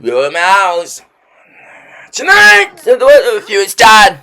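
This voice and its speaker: A woman playing along with a kids' game, excitable and calling out loudly, with mumbled, halting phrasing. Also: medium pitch.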